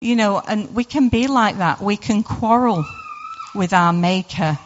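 A woman's voice: medium pitch, a little slow, in a large hall, slight background noise. A woman giving an informal devotional talk, chatty and full of rhetorical questions and "sort of" fillers. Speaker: devotional speaker. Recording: dull lo-fi recording.

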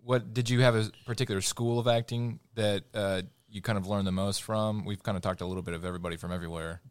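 A man hosting an interview, asking questions in a relaxed, joking way with trailing fillers. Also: fairly low pitch, quick pace, clear, resonant tone, no echo. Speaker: podcast host. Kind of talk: casual interview conversation.

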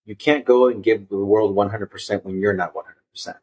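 A man with a low, husky voice speaks as a podcast guest, earnest and reflective. He tells personal stories, circling back over his words and restarting phrases as he goes, and acts out the voices of the people he quotes. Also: steady tone, fairly quick, darkish tone. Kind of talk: reflective conversational storytelling.

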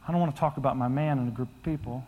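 A man voicing an older grieving widow, speaking in a hushed, halting way. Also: mid-range voice, lo-fi sound, voice pushed down, lightly acted. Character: older grieving widow, woman, fearful and withdrawn. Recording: long hall reverb.

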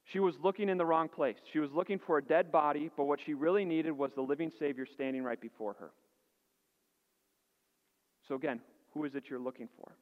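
An earnest male pastor preaching with a fairly high voice, building up emphasis and asking rhetorical questions. His voice rings with a long hall echo, and the recording is dull. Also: a little fast. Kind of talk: sermon.

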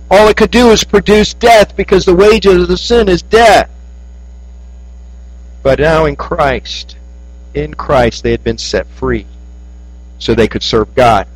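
A man preaching a sermon, telling a story that rises high and then drops soft. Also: unhurried, rough recording.

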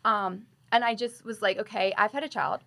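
A woman in her thirties, a nurse, telling a story in a relaxed conversational way and acting out her own quoted lines. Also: mid-range voice, normal speed, creaky. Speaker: nurse and guest.

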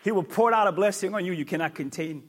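A male pastor preaching a sermon, emphatic and repetitive, with sudden loud peaks. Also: high voice, fast.

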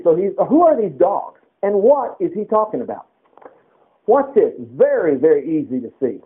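Male radio preacher, slightly high voice, casual scripture teaching with asides, narrow lo-fi band. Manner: conversational, reads scripture aloud, frequent asides. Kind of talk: informal Bible teaching. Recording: tinny phone-like radio broadcast.

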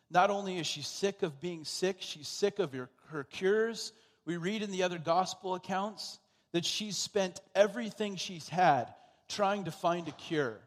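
A man preaching a sermon as pastor, emphatic and repetitive, building to loud exhortations. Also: high-pitched, long reverb tail.

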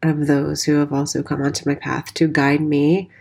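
A woman's voice: deep voice, flat delivery, moderate pace, gravelly, a little mellow. A woman in her forties, a dance teacher and studio owner, candidly telling her life story and swearing freely. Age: 40s. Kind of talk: personal storytelling monologue.

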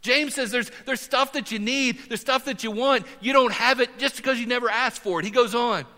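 A middle-aged male pastor delivers an animated sermon. His voice sits high and sounds bright and forceful. It rings out with the long reverb of a church sanctuary. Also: a little fast. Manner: animated preaching, voice rising for emphasis.

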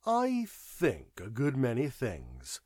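A man's voice: medium pitch, wildly swooping pitch, slow, a little mellow, husky, no room sound, clean studio sound, exaggerated voice. A man doing a wry, world-weary man. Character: weary, knowing older man, detached and wry.

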